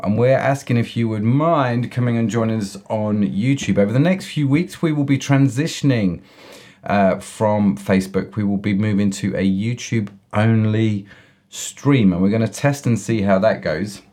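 A man co-hosting an online church service, hoarse and croaky from illness, chatting in a jokey way with lots of fillers and restarts. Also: a little mellow. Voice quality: croaky, unusually deep voice. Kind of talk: casual live-stream chat.

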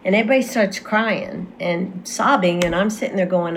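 Low-voiced woman telling a personal story. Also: slight background noise. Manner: earnest, halting with fillers and restarts. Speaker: guest medium. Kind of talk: casual conversation, personal storytelling.

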